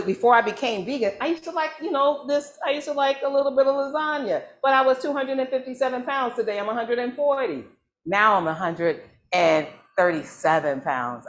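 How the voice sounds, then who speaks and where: Excitable woman hosting a cooking demo. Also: medium pitch. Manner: excitable, talks to the audience, repeats herself. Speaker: church cooking demo host. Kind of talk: lively cooking demonstration.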